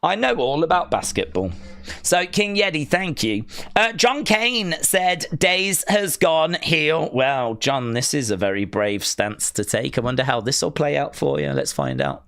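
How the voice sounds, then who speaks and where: A man hosting a live wrestling watch-along, answering chat with jokey, sarcastic teasing and sudden loud outbursts. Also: fairly high pitch, very animated, unhurried, faint music behind. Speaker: live stream host.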